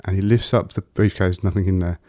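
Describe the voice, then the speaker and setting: A man telling a long personal story as an interview guest, halting with fillers and restarts. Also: low-pitched, fairly even intonation, a little mellow, no echo, studio quality.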